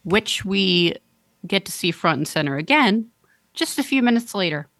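A woman speaks at medium pitch and normal speed, with no echo. As a podcast co-host in a casual chat, she recaps a TV episode in an animated way, laughing often and acting out lines in quotes.

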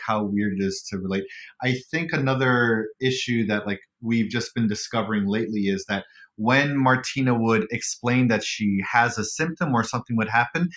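A man co-hosting a casual chat, relaxed and supportive, often adding short agreements. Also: medium pitch. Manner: relaxed, supportive, gives lots of backchannel.

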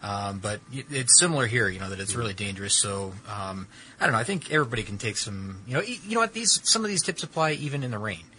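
A man co-hosting a podcast in casual chat, rambling and halting with many fillers. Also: fairly low pitch, lively intonation, sharp tone, slight background noise, low-quality recording. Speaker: podcast co-host, auto editor.

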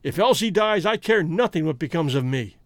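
A man voicing a brash, grieving American outlaw who talks loud and defiant, with an American accent. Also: on the high side, lively intonation, moderate pace, dry recording, clean studio sound.

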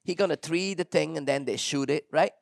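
A man with a gravelly, mid-pitched voice tells a dog-training story in loose, casual chat. He acts out the people in it and laughs as he goes. The sound is dry and close. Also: fairly quick, dry recording. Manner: animated storyteller, acts out quotes, laughs often. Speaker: dog trainer and podcast host.

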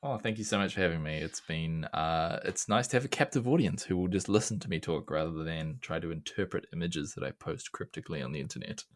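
A man with a New Zealand accent talks with a podcast host in loose, casual chat. His voice sits very low. He tells stories dryly and laughs often. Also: lively intonation, quick pace, few pauses. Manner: dry, laughing, rambling storyteller. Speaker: podcast guest.

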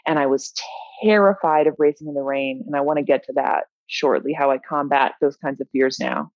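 A woman's voice: low voice, fairly even intonation, a little fast, no echo. A young woman, a bike racer, giving open and reflective interview answers, with many "you know" fillers. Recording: dull, dry lo-fi audio.

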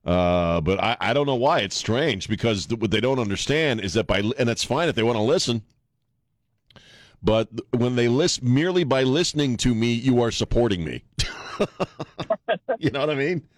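A man's voice: medium pitch, animated, normal speed, dry recording, studio quality. A man in his fifties hosting a talk radio show, blunt and casual, laughing often and repeating words as he goes. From Washington DC area. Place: radio studio. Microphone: studio mic.

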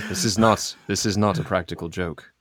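A man's voice: low-pitched, background noise. A man as a grave, formal adventurer. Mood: urgent. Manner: solemn, formal, explanatory. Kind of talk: tabletop role-play in character.

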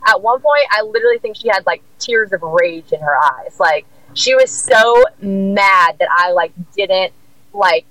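A woman's voice: unhurried, no room sound, poor audio. Woman chatting animatedly, full of filler words. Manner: rambling, lots of "like" fillers and swearing; animated, jumps high in pitch when quoting others. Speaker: guest telling a story. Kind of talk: casual chat.

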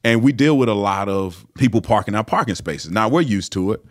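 Low-voiced man telling a story animatedly. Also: fairly quick. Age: 30s or older. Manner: animated, frequent fillers and restarts. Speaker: interview guest, former pro football player. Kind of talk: casual storytelling.

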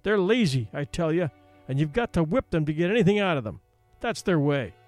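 A man's voice: fairly high pitch, big pitch swings, brisk, a little mellow, no room sound, soft background music. A man voicing a harsh, sneering young man who drives dogs with a whip, with a curt, short-tempered manner. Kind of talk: audiobook character voice.

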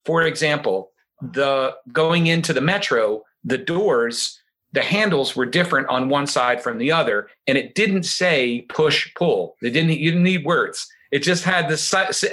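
A man's voice: a little high, moderate pace. A middle-aged man telling a story in casual chat, acting out the voices of the people he quotes. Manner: animated, acts out quoted voices.

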